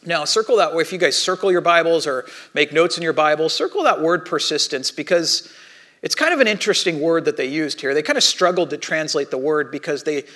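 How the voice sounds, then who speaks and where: Fairly high-pitched and brisk, this pastor in his thirties preaches by telling stories in a casual, animated manner. He acts out the voices of the people he quotes, and his conversational delivery is marked by frequent restarts.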